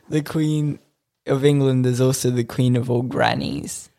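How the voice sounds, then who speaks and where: A podcast co-host on a headset mic making absurd deadpan jokes and trailing off mid-thought. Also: medium pitch, a little slow, gravelly. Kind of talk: casual banter. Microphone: headset mic, often off it.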